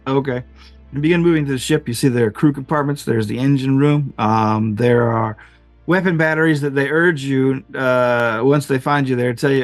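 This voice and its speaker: A man's voice: mid-range voice, normal speed, no room sound, faint music behind. A man running a tabletop game as game master, narrating in a rambling way with many ums and uhs.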